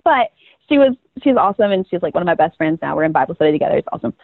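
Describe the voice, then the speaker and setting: A woman's voice: on the low side, big pitch swings, racing, creaky, no echo. Bubbly young woman on a tinny line. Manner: bubbly, chatty, laughs often. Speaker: guest, first-year pro cheerleader. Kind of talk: casual interview storytelling. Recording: tinny phone-like line, dry.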